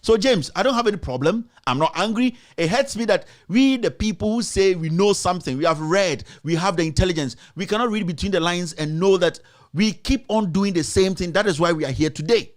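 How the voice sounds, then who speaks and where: A Ghanaian man hosting a talk show, his high voice rising as he pushes his point with passion. He repeats his lines and fires rhetorical questions straight at his critics. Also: animated, fairly quick. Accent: Ghanaian English. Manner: passionate, repetitive, rhetorical, addressing critics directly. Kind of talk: impassioned political commentary.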